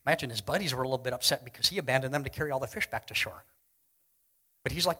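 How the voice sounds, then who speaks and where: Male preacher, husky and bright-toned, earnest, swings loud to hushed, faint music behind. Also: medium pitch, animated, fast, poor audio. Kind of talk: sermon. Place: church hall with congregation.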